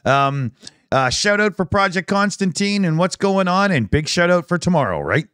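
Male stream host, lively and jokey; smooth voice, dry close mic. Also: high voice, normal speed, no room sound. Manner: upbeat, jokey, laughs easily. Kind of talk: casual live-stream chat.

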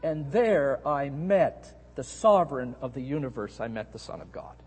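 A middle-aged Canadian man preaching a sermon, telling a story with animated emphasis on key words. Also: mid-range voice, normal speed, slightly rough, faint music behind. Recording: echoey hall.

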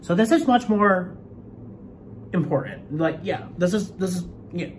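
Excitable stammering young man vlogging. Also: sits high, a little slow, a little hiss or hum. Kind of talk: casual reaction vlog. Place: room on a work trip. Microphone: phone.

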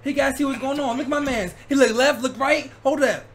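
Excitable high-voiced man reacting to basketball. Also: fast, a little hiss or hum. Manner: excitable, slangy, repeats "bro". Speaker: reaction video host. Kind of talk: casual reaction commentary.

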